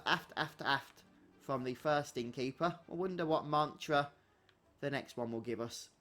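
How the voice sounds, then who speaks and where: A man's voice: mid-range voice, unhurried, fairly bright tone. A man hosting a let's-play, chatting wryly as he plays and reads the game text aloud. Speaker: gaming channel host.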